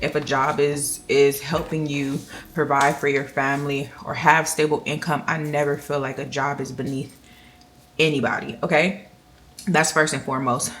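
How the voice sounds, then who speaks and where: Low-voiced woman chatting while counting cash. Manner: chatty, counts money aloud in a slow steady rhythm. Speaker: budgeting vlogger. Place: indoors at home.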